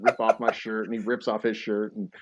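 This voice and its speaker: A man's voice: on the low side, fairly quick, no echo, dull audio. A man hosting a podcast, chatting casually, telling stories animatedly and laughing often. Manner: animated storyteller, laughs a lot, acts out scenes. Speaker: podcast host. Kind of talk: casual chat.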